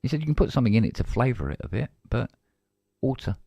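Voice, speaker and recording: A man's voice: medium pitch, very animated, very fast, vocal fry, warm tone, dry recording. A man with a British accent, co-hosting a casual live-stream chat and telling a story by acting out both sides of a conversation. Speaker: co-host.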